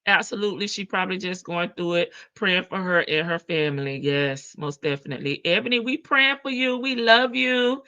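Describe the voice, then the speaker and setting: A woman's voice: fairly low pitch, expressive, normal speed, hardly any pauses, sharp tone, smooth, highs cut off. A woman hosting a livestream, chatting casually, greeting viewers by name and laughing often. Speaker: livestream host. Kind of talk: casual chat reading out live comments.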